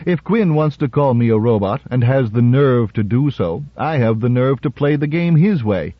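A man reading aloud and voicing a smooth, self-assured male lawyer-politician with a wry, gently teasing manner. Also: medium pitch, expressive, normal speed, no echo, lightly acted. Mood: confident. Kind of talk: radio story reading. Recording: dull, dry radio recording.

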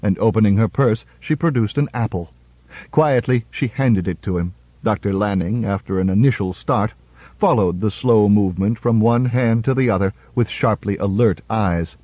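A man narrating a story for radio in a measured, even way. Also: on the low side, breathy edge, no echo. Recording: dull, dry radio recording.

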